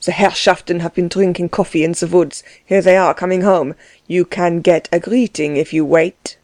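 A woman's voice: on the low side, fairly even intonation, normal speed, a little mellow, no echo, close to an everyday voice. A woman voicing a harsh, mocking young man who speaks bluntly and with scorn.

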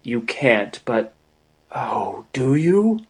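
An earnest young man in love, making impassioned declarations in a storybook, his words slow and heartfelt, as a male narrator voices him. The voice stays close to the reader's own. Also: mid-range voice, sing-song, breathy edge, full character voice, poor audio.

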